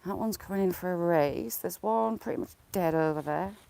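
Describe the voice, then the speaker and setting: This woman's voice is fairly low and warm with vocal fry, moving at a moderate pace, and the recording is rough. She live-streams on her phone while walking by a lake, chatting casually, greeting viewers by name and teasing them sarcastically.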